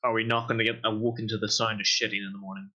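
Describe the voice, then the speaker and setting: A man's voice: fairly low pitch, little pitch movement, racing, sharp tone. A man playing in a tabletop game, joking around and swearing casually. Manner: jokey, laughing, swears casually. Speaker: player. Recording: dull lo-fi mic.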